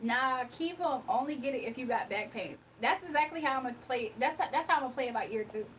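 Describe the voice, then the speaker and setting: With a high, slightly bright voice and lively intonation, a livestream host talks fairly quickly, joking loosely with her chat and laughing a lot. Her voice sounds distant, over faint background noise.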